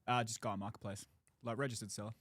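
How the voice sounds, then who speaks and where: A man's voice: lowish voice, level tone, fast, fairly bright tone, no room sound, clean studio sound. A young man answering questions casually on a live show, hesitant and full of fillers. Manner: hesitant, filler-heavy replies.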